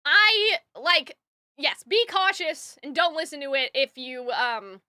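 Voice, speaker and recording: Woman, reaction streamer, high voice, dry close sound, excitable, rambling. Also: slow pace, no echo. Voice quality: alto singer. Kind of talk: live music reaction commentary.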